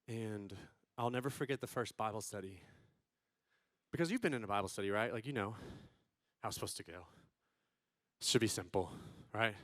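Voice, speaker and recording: A man in his thirties telling funny stories to a conference crowd, acting out quotes and swinging from loud bursts to hushed tones. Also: lowish voice, no echo. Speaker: conference speaker. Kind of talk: comedic storytelling talk.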